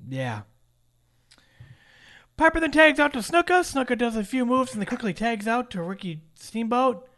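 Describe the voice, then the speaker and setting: A man with a notably high voice runs through a wrestling match blow by blow on a podcast. He keeps it casual and brisk, tossing in wry jokes between moves. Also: big pitch swings, bright, forceful tone. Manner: brisk play-by-play recap with joking asides. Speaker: podcast co-host. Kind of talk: casual wrestling recap chat.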